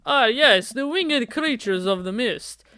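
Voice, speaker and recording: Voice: mid-range voice, expressive, slow, sharp tone, clear, resonant tone, dry recording, clean studio sound, voice pushed up. A streamer voicing a dramatic, nervous gothic young man with archaic, overwrought phrasing. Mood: nervous bravado.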